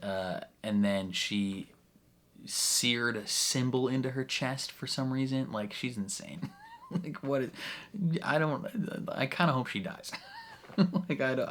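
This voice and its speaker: A man's voice: medium pitch, a bit bright. A young man casually recapping a show episode, chatty, laughing often and full of fillers. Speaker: reaction video host.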